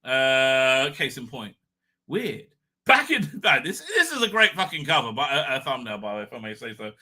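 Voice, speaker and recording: A man's voice: fairly high pitch, big pitch swings, normal speed, pushed and bright. A man hosting a casual livestream, rambling crudely with many fillers and tag questions. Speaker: livestream host.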